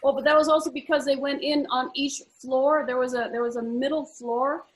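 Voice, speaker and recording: Woman, co-host, casual talk, earnest, repeats herself, slightly high pitch. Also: fairly even intonation, moderate pace, low-quality recording. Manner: earnest, repeats words often, many fillers. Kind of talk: casual conversational chat.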